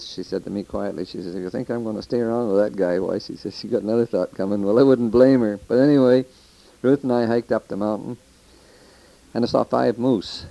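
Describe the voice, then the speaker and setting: Gravelly older man, folksy storytelling. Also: fairly low pitch, warm tone, low-quality recording. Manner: rambling, folksy, with restarts and quoted voices. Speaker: storyteller recording a taped letter. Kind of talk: casual spoken reminiscence.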